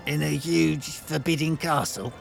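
A man's voice: fairly high pitch, measured pace, gravelly, faint music behind. An actor playing a shifty, bloodied man close to fainting, grumbling wryly and woozily in an audio drama. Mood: woozy. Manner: woozy, wry grumbling.

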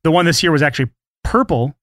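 A man's voice: fairly high pitch, lively intonation, fast, fairly bright tone, no room sound, clean studio sound. A young adult man co-hosting a podcast, teasing his partner in a wry, casual chat. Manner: teasing, wry, laughs often. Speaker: podcast co-host.

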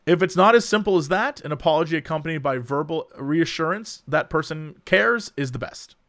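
A young man with a slightly high voice hosts a casual chat. He reads quiz questions aloud and jokes and curses about the answers. The sound is dry and close, with no room echo. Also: lively intonation, brisk, fairly bright tone. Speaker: host.

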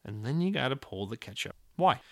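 A man's voice: mid-range voice, big pitch swings, brisk, vocal fry. A man hosting a podcast, reading listener mail and answering with profane, jokey rants of mock outrage. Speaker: podcast host.

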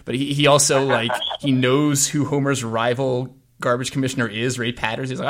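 Gravelly man hosting a casual music podcast. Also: mid-range voice, little pitch movement, fairly quick, few pauses, fairly bright tone. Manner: long, meandering sentences. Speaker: podcast host.

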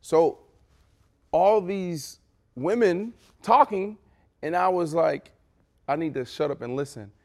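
A middle-aged man co-hosting a podcast in casual chat, animated and storytelling. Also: a little high, slow pace, long pauses. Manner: animated, acts out quotes with big voices. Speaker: podcast co-host.

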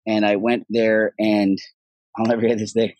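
A man's voice: lowish voice, little pitch movement, moderate pace, a little mellow, no room sound, rough recording. A middle-aged man from Ireland, an actor guest telling stories in casual podcast chat, swearing freely and acting out the voices of people he quotes.

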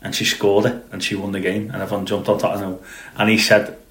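Co-hosting a football podcast, a man chats casually and rambles with plenty of fillers and restarts. He talks fast in a lowish, fairly flat, somewhat bright voice, with roomy echo and slight background noise.

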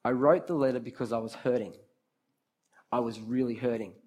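A man's voice: medium pitch, fairly quick, slightly rough. A man giving an interactive sermon, speaking straight to his listeners, calling on them by name and repeating key phrases for emphasis. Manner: lively, talks straight to the crowd, calls on listeners by name. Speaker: preacher leading a youth group.

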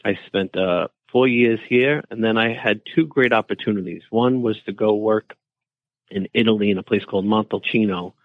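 A chef from New York City, speaking with a New York accent, tells his story as an interview guest in an easygoing, anecdotal way, imitating family members' voices. His voice is fairly low at normal speed, captured in a dry but low-quality recording.

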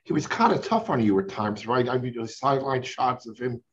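A man's voice: mid-range voice, expressive, fairly quick. Host: man, sports interviewer, chatty and fan-like, dull slightly muffled audio. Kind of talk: casual interview questions.

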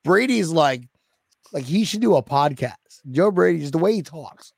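Gravelly-voiced excitable man. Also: on the high side, moderate pace, dry recording. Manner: rambling, excitable, lots of "like". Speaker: podcast co-host. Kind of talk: casual sports chat.

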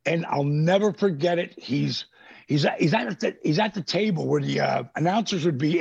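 Animated middle-aged guy telling stories, bit high and husky, sounds kinda muffled. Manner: animated, profane storyteller who acts out quotes. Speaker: guest. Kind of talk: casual storytelling. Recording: dull lo-fi podcast audio.

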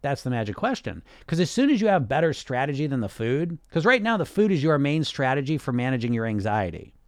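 A man's voice: medium pitch, no room sound, clean studio sound. A man hosting a casual podcast monologue as a weight loss coach, blunt and sarcastic, and he swears freely.

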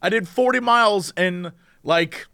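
A young man co-hosting a casual podcast, telling comic stories and doing quick impressions of the people he quotes. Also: sits high, creaky, sharp tone, clear, resonant tone, dry recording, studio quality. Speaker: podcast co-host.

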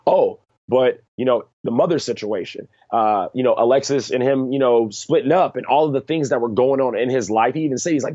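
A man in casual chat who talks with animated emphasis and acts out quotes in excited bursts. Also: medium pitch, brisk, few pauses, no echo. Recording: dry, slightly dull lo-fi sound.

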